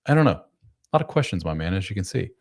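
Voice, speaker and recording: A man's voice: sits low, very animated, very fast. A man hosting a live advice chat who talks frankly and bluntly and swears casually. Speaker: host.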